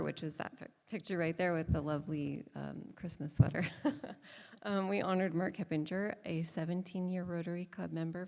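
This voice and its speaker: Friendly woman reporting at a meeting; low and gravelly, hall echo. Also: a little mellow. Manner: friendly, filler-heavy. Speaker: foundation staff member. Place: school board meeting room.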